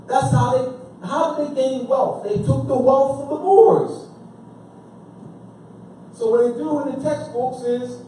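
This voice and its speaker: Male lecturer with a dark, mellow voice, informal talk, quizzes the room, heard from a distance in a roomy space. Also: very high voice, slight background noise. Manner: asks the listener questions and repeats himself for emphasis. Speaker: speaker lecturing on history. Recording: echoey room, speaker far from the mic.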